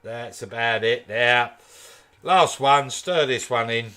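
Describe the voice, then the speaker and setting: A man's voice: mid-range voice, slow, sharp tone, smooth. Chatty man with a Kent accent. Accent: Kent English. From East London, England. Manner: chatty, jokey, answers viewer comments while working. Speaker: woodturning channel host. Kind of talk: casual live demo chat.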